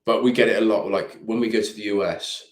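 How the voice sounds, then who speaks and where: Deep-voiced British man, casual co-host. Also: fairly even intonation, quick pace, reverberant. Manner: joking, loose and rambling. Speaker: livestream co-host. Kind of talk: casual live chat.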